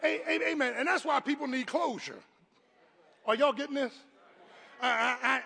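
High-voiced preacher man, gravelly, in a reverberant hall. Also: normal speed. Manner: call-and-response preaching, rising to shouts. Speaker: pastor. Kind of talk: sermon.

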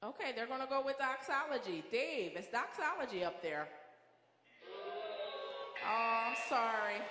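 A woman's voice: on the high side, animated, measured pace, bright, forceful tone, faint music behind. A woman hosting a game show at a church event, chatty and playful, with apologetic asides to the contestants. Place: large church hall with a congregation. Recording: echoey hall with long reverb and crowd noise.

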